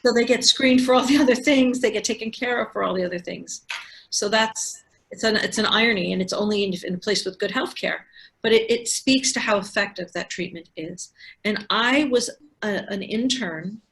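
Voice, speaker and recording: This woman, a physician and researcher in her sixties, has a mid-range, creaky, slightly bright voice and a moderate pace. She explains things step by step in conversation on a video call, often starting over.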